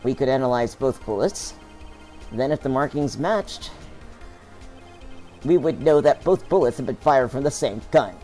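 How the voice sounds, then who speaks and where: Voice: medium pitch, animated, measured pace, long pauses, mellow, soft background music, lightly acted. A streamer voicing an earnest young male defense lawyer while reading a video game's text aloud, in a near-plain voice. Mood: pressing.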